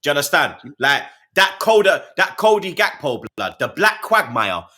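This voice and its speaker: A man, a co-host talking football in a casual, slangy chat and often breaking into loud put-on voices. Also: a little high, big pitch swings, normal speed. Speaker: podcast co-host.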